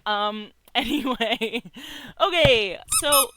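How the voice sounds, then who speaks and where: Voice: medium pitch, animated, very slow, pushed and bright, a little hiss or hum. A game master chatting casually and recapping the last session, talking loosely with many fillers. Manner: casual, filler-heavy talk.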